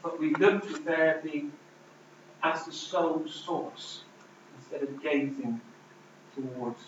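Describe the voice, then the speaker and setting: Preacher guy, kinda high voice, really echoey far-off dull recording, big loud then quiet swings. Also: takes it slowly, background noise. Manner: emphatic, dramatic shifts between loud and hushed. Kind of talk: sermon. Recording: distant, roomy, dull hall recording.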